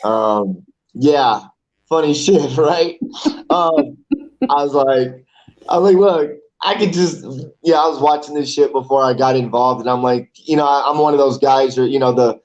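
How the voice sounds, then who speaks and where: A man's voice: mid-range voice, normal speed, a little mellow. Rambling man with dull lo-fi sound. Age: 40s. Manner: loose, rambling, swears casually. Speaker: amateur MMA fighter, guest. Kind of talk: casual interview chat.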